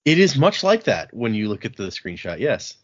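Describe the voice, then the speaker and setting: A man hosting a podcast, recapping chapters in a casual, animated way with frequent laughs and restarts. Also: medium pitch, normal speed. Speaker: podcast host recapping a book. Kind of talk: casual book-club chat. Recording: dull lo-fi podcast audio.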